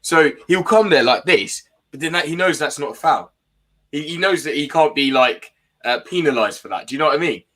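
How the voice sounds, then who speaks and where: A man talking as a guest fan in a casual football chat, excitable and enthusiastic, laughing often. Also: on the high side, a little fast.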